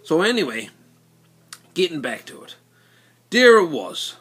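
A man spins a yarn in broad local dialect. His bright, slightly husky voice swings up and down as he tells it. The delivery stays lively and animated throughout. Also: a little high, a little slow. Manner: animated, folksy dialect narration. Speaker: storyteller. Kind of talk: casual spoken storytelling.

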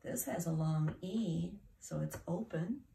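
Slow, gravelly woman teaching phonics. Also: on the low side, warm tone, a little hiss or hum. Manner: patient, encouraging, spells words out letter by letter. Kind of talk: phonics lesson for children.

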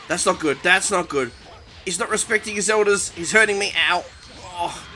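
High-voiced guy narrating his fighting game live, panicky and excitable, lots of yelps. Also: brisk, faint music behind. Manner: excitable, panicky exclamations and self-mocking. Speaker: gaming commentator. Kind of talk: live gameplay commentary.

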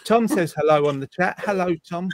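A man's voice: high-pitched, fairly quick, dry recording, clean studio sound. A man hosting a casual online chat show over a video call, playful and rambling, teasing his guests. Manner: playful, rambling, self-mocking. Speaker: host.

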